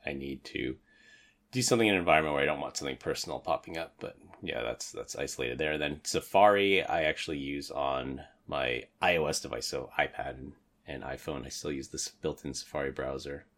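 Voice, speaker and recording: A man's voice: a bass voice, a little fast, a bit bright. A man co-hosting a podcast, chatting casually about tech and telling anecdotes. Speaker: podcast co-host.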